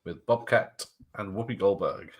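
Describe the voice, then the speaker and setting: A man casually commenting on a movie during a live watch-along, jokey and quick to laugh, describing what happens on screen. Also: low voice, husky, lo-fi sound.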